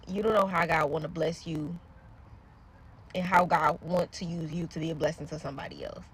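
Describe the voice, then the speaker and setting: A woman's voice: deep voice, steady tone, brisk, slightly rough. A woman earnestly recounting a personal faith story to her followers. She rambles, trails off and keeps speaking to viewers directly. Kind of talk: casual spoken testimony to followers.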